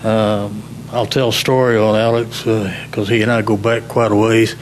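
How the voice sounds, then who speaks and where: A panel moderator introducing a speaker at a conference, reading with many hesitations. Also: male voice, on the low side, normal speed, slight background noise. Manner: flat, reading, with many uhs. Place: conference hall.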